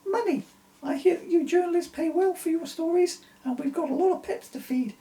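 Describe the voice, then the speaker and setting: A man voicing Noah's grumbling old wife Joan in a silly, very high put-on voice. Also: a little fast, warm tone. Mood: grasping.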